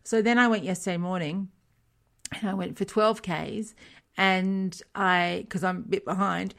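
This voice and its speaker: A middle-aged woman chats easily with a co-host, her voice carrying a gravelly, fry-edged texture. She laughs often and acts out the things people said to her. Her pitch sits in a middle range. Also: steady tone, unhurried, a bit bright. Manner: chatty, laughs often, retells dialogue animatedly. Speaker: podcast co-host. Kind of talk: casual chat.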